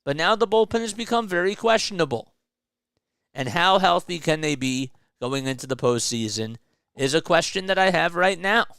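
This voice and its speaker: A man's voice: high voice, a bit bright, smooth, no room sound, studio quality. A man hosting a solo sports show, ranting with frustration and emphasis about his team's losses and speaking directly to the manager. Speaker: sports commentary host. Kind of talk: solo fan rant about baseball.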